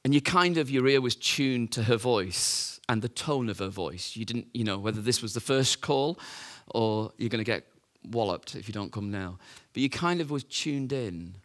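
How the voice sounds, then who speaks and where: A man's voice: medium pitch, lively intonation, normal speed, hardly any pauses. A man preaching a sermon, telling the story in a conversational way with rhetorical questions and fillers.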